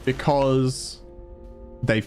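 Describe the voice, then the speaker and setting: A man's voice: mid-range voice, fairly even intonation, extremely slow, darkish tone, faint music behind. A man streaming a video game, ranting in frustration and swearing, often trailing off in the middle of thoughts. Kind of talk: casual gameplay commentary.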